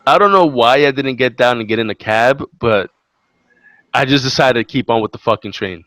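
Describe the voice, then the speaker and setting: A man's voice: medium pitch, normal speed, no echo. Young New man, casual podcast storyteller, swears freely, dry close sound. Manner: animated, profane, acts out quotes. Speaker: podcast co-host.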